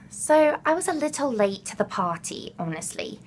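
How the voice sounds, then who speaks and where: A woman's voice: high voice, big pitch swings, normal speed, darkish tone, husky. A young woman from Florida chatting to camera in a put-on British accent, rambling and gushing with many fillers. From Florida, USA. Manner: gushing and enthusiastic. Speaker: vlogger. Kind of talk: casual fan chat to camera.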